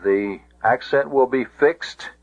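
A man teaching a Greek grammar lesson in a slow, deliberate way, pausing with many fillers. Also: medium pitch, no room sound. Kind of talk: recorded lesson. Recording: tinny phone-like audio.

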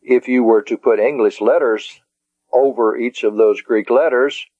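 Slow, deliberate male language teacher. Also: mid-range voice, fairly even intonation, a little mellow, no echo. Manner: slow, deliberate, spells out syllables letter by letter. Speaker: Greek teacher. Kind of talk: taped language lesson. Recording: dull lo-fi cassette tape.

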